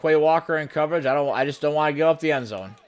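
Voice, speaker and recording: A man giving running play-by-play commentary on his own video game session, with sudden bursts of excitement. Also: a little high, quick pace. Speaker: gaming channel host.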